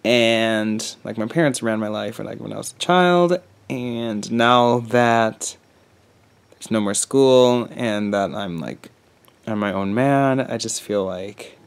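A man's voice: on the low side, slow, vocal fry, no echo. A man in his twenties, vlogging outdoors in a goofy, self-mocking, rambling way. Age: 20s. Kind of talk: joking outdoor vlog. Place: outdoors on a nature trail.

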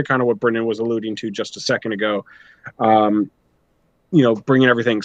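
A man's voice: medium pitch, no room sound, lo-fi sound. A man hosting a casual podcast, talking through his notes and giving his opinions freely. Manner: talkative, reads notes, opinionated. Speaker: podcast host.

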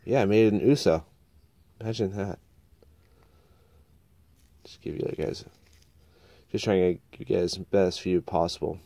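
A man's voice: sits low, a little slow, pauses often, dark tone, no room sound. A man with a cold, sounding a bit nasal, chatting casually through a small engine repair at his workbench and muttering to himself as he works. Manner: chatty, rambling, muttering while working.

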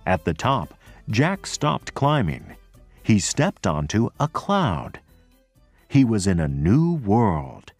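A man reads a storybook aloud very slowly and deliberately, his low voice slightly husky. His pitch rises and falls expressively. Faint music plays behind him. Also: dry recording. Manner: clear, deliberate, expressive reading. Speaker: narrator. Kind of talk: slow read-aloud storybook narration.

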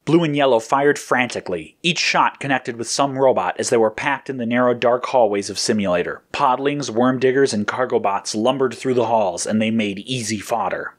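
Male storyteller, mid pitch, steady even reading. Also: normal speed, hardly any pauses. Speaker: narrator. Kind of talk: storybook narration.

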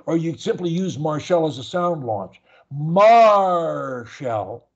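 Husky older male speech coach. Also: fairly high pitch, lively intonation, normal speed, darkish tone, highs cut off. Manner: demonstrative, stretches and repeats words as drills; person who stutters. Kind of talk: one-on-one coaching session.

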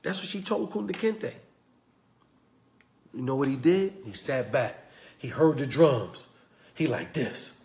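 A man with a Southern US accent giving a passionate motivational talk, retelling a story in a preachy way that swings from loud to hushed. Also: medium pitch, expressive, unhurried, gravelly, pauses often. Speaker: motivational speaker.

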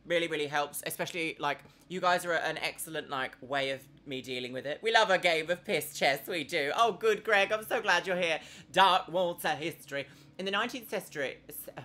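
A woman in her thirties talks casually while streaming a horror game from her home setup on a desk microphone. Her voice is bright and crisp, a little on the lower side, and it swings widely in pitch as she chats and giggles. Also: sing-song, fairly quick, slight background noise. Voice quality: chatty and giggly, with big swoops in pitch. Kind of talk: casual live-stream commentary.

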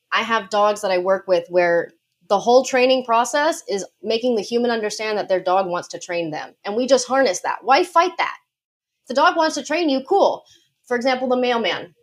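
A woman guest on a podcast interview, a dog behavior consultant explaining things confidently with light laughs. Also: mid-range voice.

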